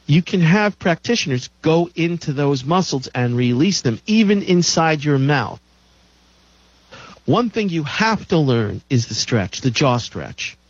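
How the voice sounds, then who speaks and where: A man's voice: on the high side, no room sound. A man hosting a health show, lecturing emphatically and repeating his key claims. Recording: dull lo-fi dry recording.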